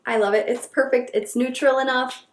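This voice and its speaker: A woman beauty vlogger doing an excited unboxing chat, gushing and gasping as she repeats her delight. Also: high-pitched, brisk, reverberant, slight background noise.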